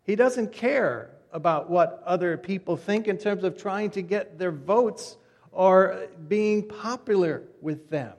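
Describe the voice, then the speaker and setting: Male pastor, chatty sermon delivery that fades soft at phrase ends, lightly raised pitch, echoing sanctuary. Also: slow. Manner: conversational storytelling, voice drops soft at phrase ends. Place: church sanctuary. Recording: long reverb of a church hall.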